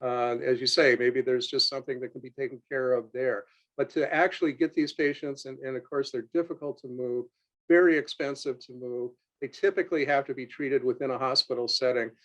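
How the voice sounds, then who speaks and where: A man explaining a product on a webinar over a video call, halting, with many filler sounds and restarts. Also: mid-range voice, steady tone, a bit bright, low-quality recording. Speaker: company representative on a webinar. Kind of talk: unscripted webinar talk.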